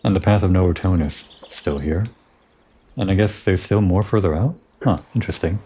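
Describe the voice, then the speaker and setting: Low, mellow-voiced man musing over gameplay. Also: normal speed, breathy edge. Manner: musing, talks to himself and the character. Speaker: game commentator. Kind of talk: relaxed let's-play commentary.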